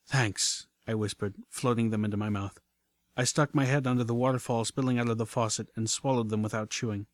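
A man's voice: mid-range voice, steady tone, fast talker, a little mellow, dry recording. Man narrating a story, dry and close. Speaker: audiobook narrator. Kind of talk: first-person story narration.

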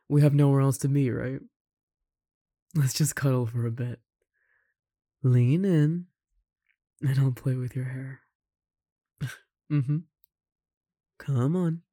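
Casting: a performer playing a tender, caring roommate confessing love, unhurried delivery, dry close sound. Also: medium pitch, slightly rough, no echo. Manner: soft, tender, with gentle laughs and sighs. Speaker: audio roleplay performer. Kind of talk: romantic audio roleplay addressed to the listener.

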